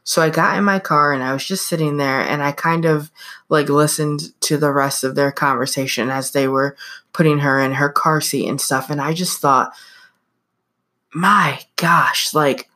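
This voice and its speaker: A woman's voice: sits low, steady tone, normal speed, fairly bright tone. A young adult woman hosting a podcast, telling a personal story in a chatty, casual way with plenty of fillers. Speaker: podcast host.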